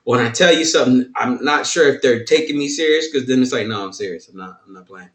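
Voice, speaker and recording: A man in casual podcast chat, playful and animated, acting out quoted lines as he tells stories. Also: mid-range voice, fast, roomy sound.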